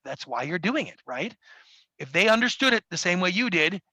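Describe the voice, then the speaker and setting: Podcast guest, male, gravelly and bright, dry studio sound, acts out quotes. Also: high voice, big pitch swings, dry recording, rough recording. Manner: acts out quoted people in quick voices. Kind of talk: animated interview talk. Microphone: studio mic.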